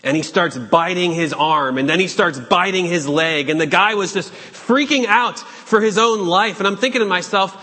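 Man, pastor, sermon, urgent questions, dramatic pauses, long church reverb. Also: sits high, bright, forceful tone. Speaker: preacher. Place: church sanctuary.

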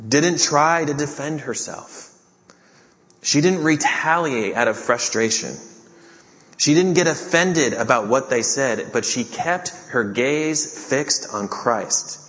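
A man's voice: mid-range voice, a bit bright. A man preaching an earnest sermon as pastor, reading and explaining scripture. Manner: earnest preaching, acts out the disciples' pleas. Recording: long hall reverb.

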